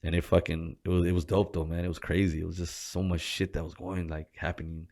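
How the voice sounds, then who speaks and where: Gravelly low-voiced man telling his story. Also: flat delivery, fast, a little mellow. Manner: loose, slangy and profane, laughs often. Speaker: gym co-owner, interview guest. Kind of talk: casual interview storytelling.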